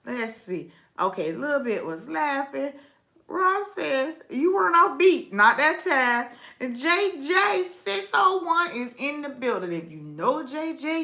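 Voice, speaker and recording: A woman hosting a casual livestream chat, animated and playful, reading comments aloud and repeating words in a sing-song way. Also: high voice. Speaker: livestream host.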